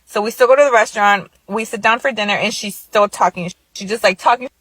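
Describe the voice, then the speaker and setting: A woman's voice: medium pitch, fast talker, fairly bright tone, no room sound, rough recording. Thirty-something woman gossiping through a story, says "like" a lot, dead dry mic. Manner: chatty, lots of filler likes. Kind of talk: casual storytelling.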